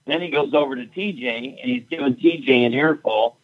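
A man's voice: medium pitch, a little fast, phone-quality sound. Blunt profane man telling a story. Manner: blunt, profane, recounting quarrels with rising heat. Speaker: fight event promoter. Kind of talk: casual storytelling.

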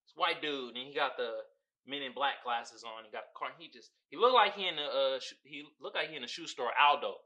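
A man hosting a podcast, riffing on memes in casual comedic commentary. He swears freely, laughs often and swings between loud whoops and low mutters. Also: fairly quick. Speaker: podcast host.

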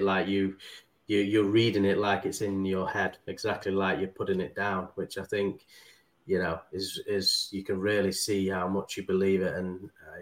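A man hosting a podcast, chatting casually and warmly thanking his guest. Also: low-pitched. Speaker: podcast host. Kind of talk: casual interview chat.

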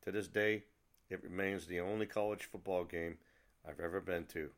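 A man's voice: deep voice, steady tone, normal speed. A middle-aged man from New England hosting a podcast, telling a personal story with wry asides. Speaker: podcast host.

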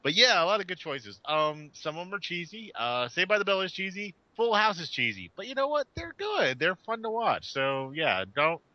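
Man, podcast host, lively pitch, bright tense tone, casual swearing, dull lo-fi call audio. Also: normal speed, few pauses, no echo. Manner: animated, laughs often, swears freely. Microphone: home mic over a voice call.

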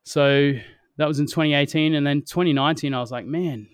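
A young Australian man, a professional wingsuit pilot, telling stories in a relaxed, slangy way and laughing often. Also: on the high side, fairly quick, clean tone, no room sound, studio quality. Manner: laid-back storytelling, slangy, laughs often. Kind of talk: casual chat.

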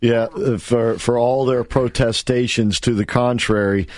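A man's voice: mid-range voice, fairly even intonation, measured pace, darkish tone, no room sound. A man hosting a talk radio show, giving assertive commentary and taking calls. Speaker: radio host.

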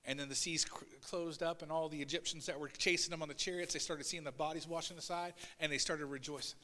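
A man preaching a sermon as pastor, swinging between loud, urgent passages and quiet asides, and voicing Bible figures in a raised voice. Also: fairly high pitch, fairly even intonation, quick pace, big-room sound. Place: church sanctuary.

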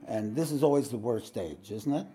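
A man, a spiritual teacher, telling a story to a meditation audience in a rambling way, often clearing his throat and using fillers. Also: medium pitch, moderate pace, mellow.

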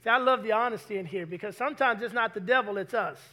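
A male pastor delivers a church sermon at a quick pace, his strikingly high voice bright and forceful. Throughout, he keeps throwing questions out to the congregation.

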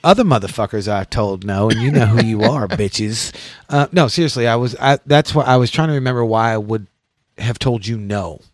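A man's voice: medium pitch, fairly quick, dry recording. Blunt profane podcast host, man. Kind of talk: casual podcast chat. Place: outdoors.

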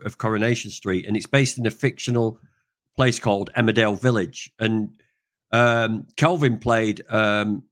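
Older grandad rambling and joking. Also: male voice, mid-range voice. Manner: rambling, joking, self-deprecating, with many fillers. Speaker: podcast host, truck driver. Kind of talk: casual podcast chat. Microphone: video call.

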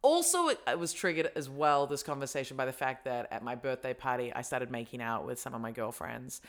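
A woman's voice: rumbling low, animated, a little fast. A woman hosting a podcast, chatting frankly and animatedly about relationships. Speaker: podcast host. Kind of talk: casual chat.

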